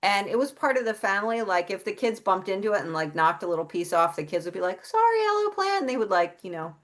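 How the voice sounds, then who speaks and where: A woman's voice: on the low side, steady tone, fast. A middle-aged woman, an interview guest, telling a personal story in a candid, casual way and swearing freely. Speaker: interview guest, psychic and healer.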